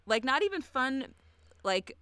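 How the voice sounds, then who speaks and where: A young woman co-hosting a podcast, telling a story in a chatty, profane way, full of "like" and quick laughs. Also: high voice, big pitch swings, bright, forceful tone, smooth, dry recording. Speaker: podcast co-host. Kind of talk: casual chat.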